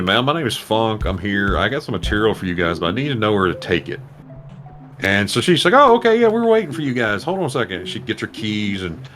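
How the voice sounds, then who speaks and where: A man casually telling an animated, profane story to friends on a live show. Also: fairly low pitch.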